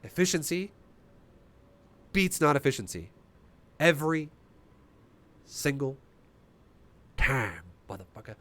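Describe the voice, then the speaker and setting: A man streaming a strategy game, explaining his play in an animated, swearing, rhetorical way. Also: fairly high pitch, slow pace, long pauses. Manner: animated, profane, rhetorical questions. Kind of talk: live-stream commentary.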